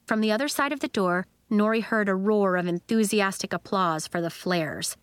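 A woman narrating a children's story in an expressive storytelling manner. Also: medium pitch, normal speed, clear, resonant tone, dry recording. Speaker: audiobook narrator.

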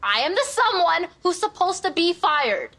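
A sardonic young waitress trades dry, sarcastic jabs in a sitcom scene. Her voice sits high and bright, and it swoops lively from line to line. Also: moderate pace, full character voice. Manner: sarcastic, deadpan put-downs. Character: sardonic young female waitress and business partner. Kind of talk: sitcom acting.

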